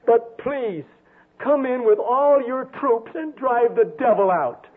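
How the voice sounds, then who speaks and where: An older man voicing a pleading little boy with a Southern US accent, praying slowly and earnestly. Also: very high-pitched, narrow, tinny audio, voice pushed up, exaggerated voice.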